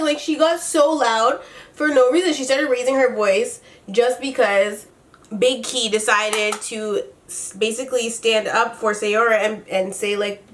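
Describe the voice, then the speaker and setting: A fairly high-voiced woman talks through a reality TV episode in a loose, unscripted recap. She is blunt and fed up, swears without holding back and acts out what people said in quotes. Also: measured pace. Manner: blunt and exasperated, swears freely; animated retelling with quoted dialogue. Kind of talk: casual commentary recap.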